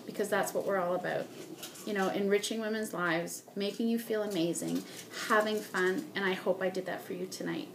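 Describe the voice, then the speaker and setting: A woman giving a sales training talk as a beauty consultant, animated, acting out customers and ending lines with "okay?". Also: mid-range voice, fairly quick, creaky, background noise.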